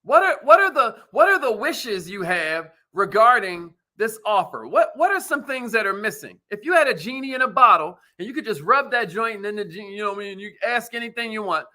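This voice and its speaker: A man's voice: high-pitched, expressive, a little fast, few pauses, pushed and bright. A man hosting a motivational business talk, asking listeners rhetorical questions in casual, slangy, preachy speech. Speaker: host.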